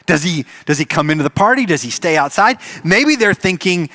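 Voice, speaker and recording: A male pastor preaches a sermon in church. His voice is bright and a little high for a man. He tells the story in an animated way and steps into the characters as he goes. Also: brisk, few pauses.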